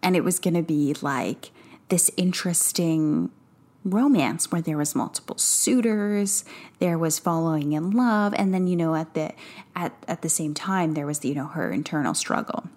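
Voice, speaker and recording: A woman's voice: sits low, moderate pace, a little mellow. A woman co-hosting a casual book discussion podcast, talking loosely with lots of fillers and restarts. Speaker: podcast co-host.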